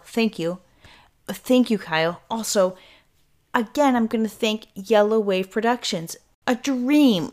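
Rambling, cursing woman podcast host. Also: mid-range voice. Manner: rambling, self-interrupting, swears casually. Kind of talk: casual solo podcast talk.

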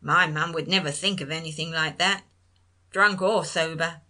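A man's voice: fairly high pitch, fairly even intonation, moderate pace, bright, forceful tone. A woman voicing a lanky, friendly young man who talks in blunt, casual slang. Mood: wistful.

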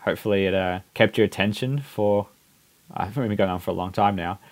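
A man's voice: on the low side, a little fast. A man with a New Zealand accent co-hosting a podcast, speaking in a reflective, hesitant way with many restarts. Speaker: podcast co-host. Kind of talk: casual chat.

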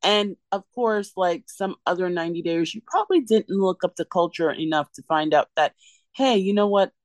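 A woman's voice: lowish voice, moderate pace, dry recording. A woman co-hosting a podcast, ranting sarcastically and emphatically in a casual recap chat. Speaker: podcast co-host.

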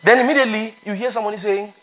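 A man's voice: high voice, steady tone, rapid-fire, a bit bright, lo-fi sound. A man preaching a sermon as pastor, emphatic, repeating phrases for stress and reading scripture aloud.

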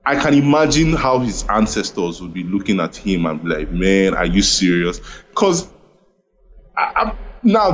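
A man from Nigeria talks in an online audio room, impassioned and a little apologetic. His pitch sits in the ordinary middle, and his speech tumbles over restarts and repeated words. He is on a phone mic in a casual group chat. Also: poor audio. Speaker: room speaker.

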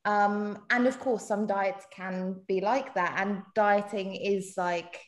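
A South African woman co-hosts a podcast, speaking slowly at a medium pitch with a steady tone in a reverberant space. She's chatty and casual, often laughing and acting out quotes.

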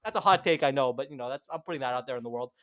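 A man's voice: mid-range voice, very fast, no room sound, studio quality. A young man, co-hosting a casual chat and ranting heatedly and sarcastically, with some swearing.

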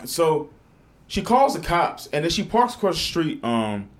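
A man hosts a casual podcast from a studio, swearing freely as he tells a story. His pitch swings widely and his delivery stays animated throughout. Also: unhurried. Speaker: podcast host. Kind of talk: casual chat.

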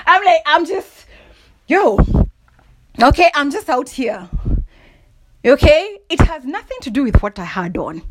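A woman's voice: high-pitched, unhurried, pauses often, a little hiss or hum. A young adult woman hosting a solo podcast, giving emphatic, motivational talk and often laughing. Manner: animated and emphatic, often asks "do you understand?", laughs often. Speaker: podcast host.

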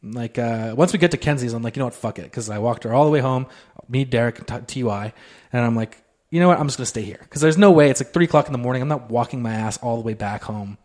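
With a mid-range voice and a fast delivery, a podcast co-host tells a wild story in casual chat. He's an animated storyteller who acts out the quotes and doesn't hold back on swearing.

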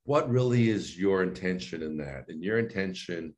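A man's voice: low-pitched, moderate pace. A male voice and speech coach in an interview, explaining his sessions and acting out both himself and his client. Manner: animated, acts out both sides of a coaching dialogue.

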